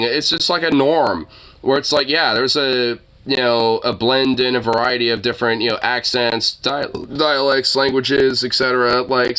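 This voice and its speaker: A man's voice: medium pitch, sharp tone. A young man reacting to news clips in a casual, exasperated way, swearing a lot and rambling with fillers. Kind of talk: casual profane reaction commentary.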